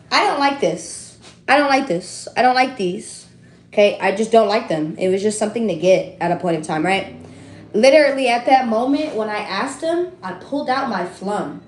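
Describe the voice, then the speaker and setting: Young woman in her twenties, chatty and animated, speaking in an echoey room. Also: on the high side. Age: 20s. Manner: animated, talkative, slangy, swings between loud and hushed. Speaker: tarot reader and streamer. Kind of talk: casual storytelling to viewers.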